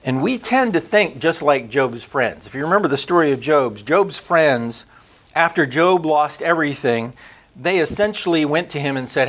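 A man teaching a conversational Bible lesson, emphatic, building up lists and slowing down on key words. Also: on the high side, animated, a bit bright.

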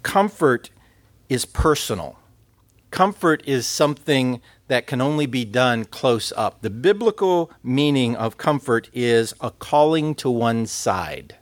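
A man's voice: mid-range voice, expressive, slow, no room sound. Male preacher, conversational sermon delivery, medium voice, dead-dry room. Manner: earnest, conversational preaching with scripture quotes.

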